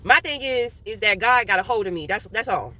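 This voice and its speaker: A woman's voice: mid-range voice, lively intonation, brisk, bright, forceful tone. A young woman talking candidly in a casual monologue. She swears freely, laughs often, and talks while eating. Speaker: vlogger.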